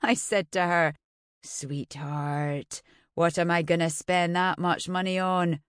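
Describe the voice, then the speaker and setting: A blunt older man, as a woman puts him on for a storybook, talking in a dry, mocking way. The reading is slow and sits on the low side. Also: steady tone, clean tone, no room sound. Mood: wry.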